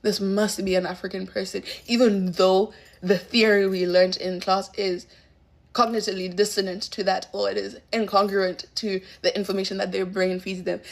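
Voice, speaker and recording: A woman muses aloud in a casual, thoughtful way, pausing and restating her points as she goes. Her mid-pitched voice carries a strong vocal fry. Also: little pitch movement. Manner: thoughtful, searches for words, repeats herself. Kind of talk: reflective casual talk.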